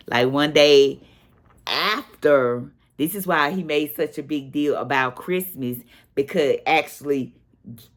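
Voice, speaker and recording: A middle-aged woman, telling a personal story in casual vlog chat and acting out what people said. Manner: animated storyteller, acts out quotes with a higher voice.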